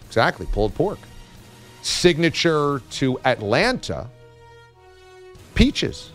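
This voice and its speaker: A man's voice: on the high side, sing-song, takes it slowly, a bit bright, faint music behind. A man hosting a radio talk show, telling a story in a playful way. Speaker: podcast host. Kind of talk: casual radio chat.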